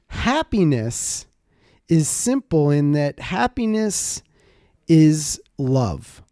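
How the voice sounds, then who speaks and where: A man hosting a casual podcast, telling stories with emphatic, profane energy and acting out other people's lines in a higher voice. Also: extremely slow, no echo, clean studio sound. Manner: animated storyteller, acts out quotes with big pitch jumps. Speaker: podcast host.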